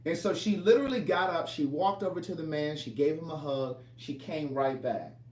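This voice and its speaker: A man's voice: on the high side, normal speed, a little mellow, distant mic. A man who writes books, talking casually to his viewers and telling a long story. He rambles and keeps restarting his phrases. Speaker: author and vlogger. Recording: echoey room, voice from off-mic.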